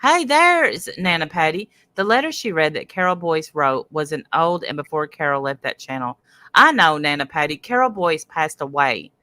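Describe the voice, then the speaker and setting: Woman host, chatty and rambling, bright tone, dry close sound. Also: deep voice, no echo. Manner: rambling, chatty, greets viewers in chat. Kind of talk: casual livestream commentary.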